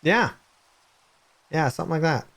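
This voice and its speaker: Brief: man streaming games at a desk mic, halting rambling delivery, swinging pitch. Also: vocal fry. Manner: rambling, hesitant, bursts into excited high-pitched reactions. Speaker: game streamer. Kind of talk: live gameplay stream chat.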